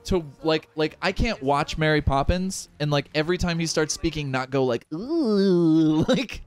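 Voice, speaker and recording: A man's voice: a little high, moderate pace, clear, resonant tone. A young man chatting casually and rambling while playing a video game with friends, with frequent restarts and laughs. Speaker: gaming channel member. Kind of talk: casual let's-play banter.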